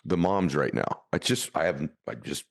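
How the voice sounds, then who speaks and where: A man's voice: rumbling low, expressive, normal speed, vocal fry, husky. A man hosting an interview podcast, talking in an earnest, rambling and emotional way. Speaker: podcast host. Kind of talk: casual interview talk.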